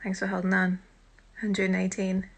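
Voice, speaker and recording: A British woman hosting a casual live-stream chat on her phone, chatty and self-deprecating, with quiet muttered asides. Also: mid-range voice, monotone, moderate pace, creaky. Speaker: host.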